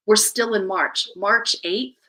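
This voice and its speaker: Bright-voiced energetic woman coach. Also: mid-range voice, slow, poor audio. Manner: energetic, emphatic motivational delivery. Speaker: life coach, guest. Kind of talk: live podcast interview.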